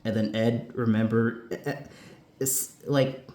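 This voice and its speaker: A man's voice: mid-range voice, fairly even intonation, a little slow, darkish tone. Young male host answering viewer questions, meandering and unsure, recorded in a reverberant room. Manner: rambling, hesitant, lots of ums and restarts. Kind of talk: casual Q&A chat. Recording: echoey room.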